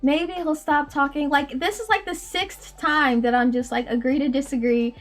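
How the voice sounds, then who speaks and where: A woman game developer telling a story on her stream, animated and exasperated, laughing often and peppering her speech with "like". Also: sits high, moderate pace. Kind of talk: casual storytelling.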